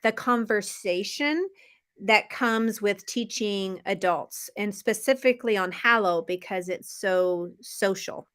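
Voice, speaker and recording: Friendly American woman teacher from the South, neutral accent, slow clear speech on a video call. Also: mid-range voice, a bit bright. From Memphis, Tennessee, US. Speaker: English teacher. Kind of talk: casual live-stream lesson chat.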